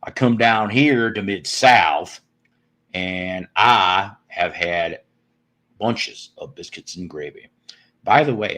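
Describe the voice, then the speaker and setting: A man's voice: lowish voice, fairly bright tone. A man hosting a casual live stream, rambling and joking with viewers with crude humor. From northern United States.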